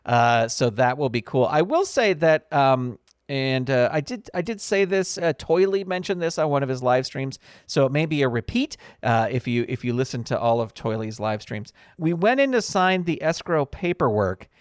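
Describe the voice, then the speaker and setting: A man's voice: mid-range voice, expressive, normal speed, hardly any pauses, clear, resonant tone, dry recording, clean studio sound. A man hosting his own podcast in a casual, rambling solo chat full of ums and uhs. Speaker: podcast host.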